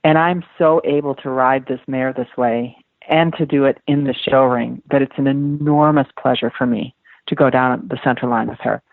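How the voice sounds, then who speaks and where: Woman in her fifties, gravelly voice, earnest and emphatic, tinny phone-like line, dry sound. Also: very deep voice, steady tone, normal speed, dry recording. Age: 50s. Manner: earnest, emphatic, repeats words. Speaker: guest, dressage rider. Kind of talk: podcast interview.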